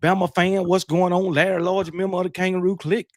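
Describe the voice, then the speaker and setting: Speaking fast and flat in a high voice, a man runs a late-night live stream recorded dry at studio quality. He starts with loud, hyped-up shouting before easing into a relaxed roll call of names from the chat, chatting casually.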